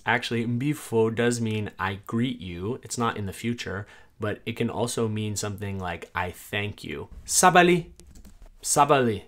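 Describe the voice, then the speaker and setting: A man who teaches a language reviews a translation tool in a casual way. He says each phrase aloud and then explains what it means, adding quick asides. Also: lowish voice.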